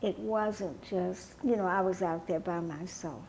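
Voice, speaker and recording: Old woman, nineties, slow pace, measured, faint background noise. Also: on the low side, darkish tone. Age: 90s. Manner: modest and measured. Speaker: guest, educator and activist. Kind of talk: interview answers.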